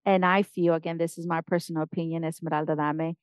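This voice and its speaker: A woman's voice: low-pitched, little pitch movement, fast, clean tone, no echo. A middle-aged woman from Mexico, a guest on an interview, talking with energy and repeating punchy encouraging phrases. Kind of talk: motivational interview talk.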